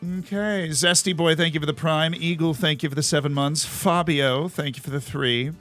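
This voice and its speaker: A man's voice: a little high, fairly even intonation, normal speed, a bit bright, faint music behind. A man from Florida giving casual, enthusiastic commentary while streaming a game. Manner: chatty, enthusiastic, jokey asides.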